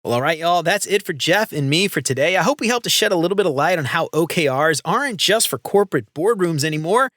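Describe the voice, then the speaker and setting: A middle-aged man hosting a podcast, chatting in a quick, enthusiastic, casual way. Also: on the high side, lively intonation, fairly bright tone, no echo, studio quality. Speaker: podcast host. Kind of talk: casual interview chat.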